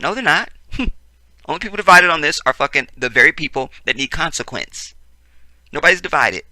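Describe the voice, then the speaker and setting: A man's voice: on the high side, lively intonation, normal speed, long pauses, bright, forceful tone, dry recording. Fiery, profane man ranting up close. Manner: profane, emphatic, repetitive; frequent "see what I'm saying" asides. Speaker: political commentator. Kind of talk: ranting video commentary.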